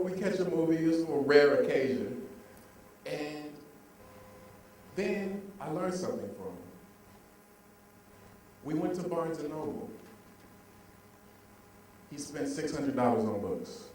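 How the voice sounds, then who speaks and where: A young man with a high, bright voice leads a motivational talk, pulling the crowd into call-and-response. He sounds far from the mic, and the big hall echoes heavily around him. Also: slow pace, pauses often, slight background noise. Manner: lively, call-and-response with the audience. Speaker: motivational speaker. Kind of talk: motivational speech. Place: large room with an audience. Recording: very echoey hall, heard from afar.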